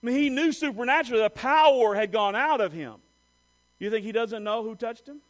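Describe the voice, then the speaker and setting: Male preacher, high-pitched, dynamic sermon delivery with big loud-to-hushed swings. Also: animated, a little fast, rough recording. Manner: asks the listeners direct rhetorical questions.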